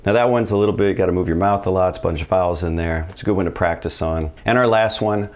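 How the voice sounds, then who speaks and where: A man teaching a video language lesson in a relaxed, upbeat way, explaining each step plainly. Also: sits low, quick pace. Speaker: Spanish teacher.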